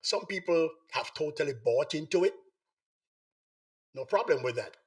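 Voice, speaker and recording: A man hosting a live online talk show, hoarse from the flu, repeatedly coaxing viewers to join in. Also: on the high side, animated, unhurried. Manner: repetitive, coaxing appeals to viewers. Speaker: host.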